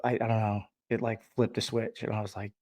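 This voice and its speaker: A man's voice: fairly low pitch, level tone, fairly quick, darkish tone, no room sound. A man candidly telling a personal story in a blunt, raw way, swearing freely.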